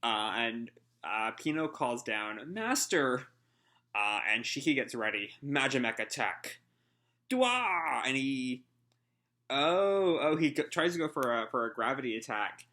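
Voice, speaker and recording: A man reads a manga chapter aloud and rambles his way through commentary, full of ums and uhs and the odd casual swear. His voice is bright and forward at an ordinary male pitch. He often laughs along at what he reads. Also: measured pace. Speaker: manga reaction host. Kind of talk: casual live reading and commentary.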